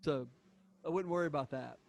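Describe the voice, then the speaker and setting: A man's voice: fairly high pitch, fairly quick, creaky. A man co-hosting a podcast in casual chat, teasing his partner and laughing often. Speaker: podcast co-host.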